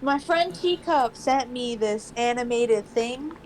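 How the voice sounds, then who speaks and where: A woman's voice: a little high, lively intonation, takes it slowly, slight background noise, rough recording. A woman chatting casually on a live stream, reacting with surprise and laughing easily.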